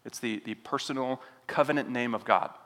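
A man delivers an expository sermon and retells the scene with lively voiced asides. His voice is bright and forward, carried by the long reverb of a church sanctuary. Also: mid-range voice, brisk. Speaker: preacher.

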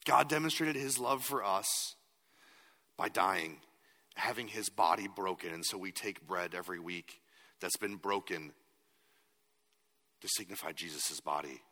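Low-voiced pastor giving a sermon, bright edge, long church reverb. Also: male voice, unhurried, pauses often. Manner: earnest, builds to emphatic.

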